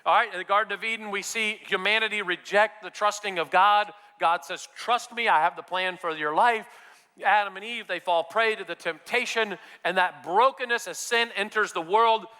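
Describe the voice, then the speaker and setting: A pastor delivers a sermon in a bright, ringing voice that sits a little high for a man. His speech carries a long hall reverb from the sanctuary, and he builds to emphatic passages. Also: normal speed, clean tone. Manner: preaching with rising, emphatic passages. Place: church sanctuary.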